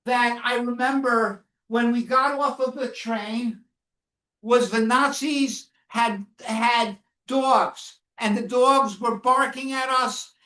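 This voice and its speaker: A woman giving a first-person survival testimony to students, speaking slowly and solemnly and often asking the audience questions. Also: on the high side, sharp tone. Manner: slow, solemn storytelling. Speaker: Holocaust educator speaking to students. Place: classroom or lecture hall. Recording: echoey room, mic far off.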